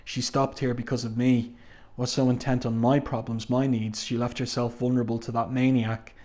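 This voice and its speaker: A man's voice: medium pitch, level tone, moderate pace, a little mellow, lightly acted. A man reading the lines of a despairing adult male writer, in his own voice. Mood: anguished.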